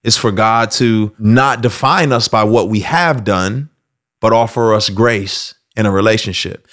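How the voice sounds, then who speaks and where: A man hosting casual faith commentary, telling stories in an animated way and slipping into acted voices. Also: on the low side, a little slow. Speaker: host.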